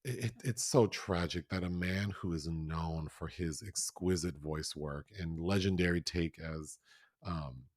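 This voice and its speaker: A man co-hosting a film review chat in a fairly low voice, swinging between laughter and mock outrage. The recording is dry and close, with no room sound. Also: unhurried, no echo. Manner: animated, laughing, exaggerated outrage. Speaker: podcast co-host.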